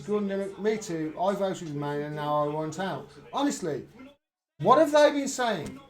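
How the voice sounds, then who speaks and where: Man commentator, heated and sweary live rant, very expressive intonation. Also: sits high. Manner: angry, profane, emphatic ranting. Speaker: political livestream commentator.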